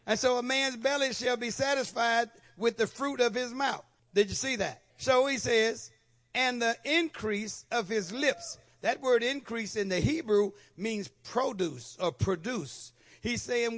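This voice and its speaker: Man, high voice, pastor, sermon, call-and-response, asks for amens. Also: fairly bright tone. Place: church.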